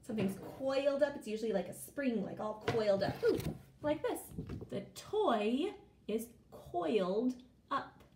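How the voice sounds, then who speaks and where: A woman teaches a phonics lesson to young children, in a higher voice that leaps up and down in a lively way. She speaks slowly and draws out each sound, and her voice carries the echo of the room. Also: slight background noise. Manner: slow, sing-song, drawn-out sounds.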